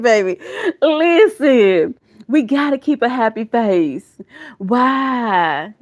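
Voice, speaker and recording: A woman's voice: a little high, expressive, drawn-out words. A middle-aged woman giving a live tarot reading to her viewers, emotional and folksy, often laughing and turning preachy. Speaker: tarot reader.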